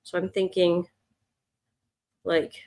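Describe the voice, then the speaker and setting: Art teacher, woman, lowish voice, loose chatty delivery while she sketches live. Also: completely flat delivery, slow, dark tone. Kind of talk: casual live drawing stream.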